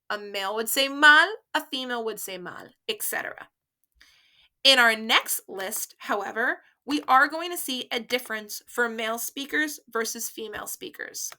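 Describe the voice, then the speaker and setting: A woman teaching a beginner Spanish lesson, explaining patiently and modeling phrases slowly and carefully for learners to repeat. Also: a little high, bright, forceful tone. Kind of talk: slow, clear language lesson with repeat-after-me drills.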